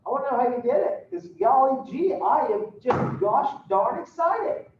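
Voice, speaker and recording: A man's voice: extremely high pitch, expressive, moderate pace, a little mellow, a little hiss or hum, pitched above the performer's own voice. A man playing an overly wholesome, cheerful sitcom father who gushes with folksy exclamations, in a classroom story. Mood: cheery. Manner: gushing, folksy "golly gee" exclamations. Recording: echoey room from a distant mic, dull.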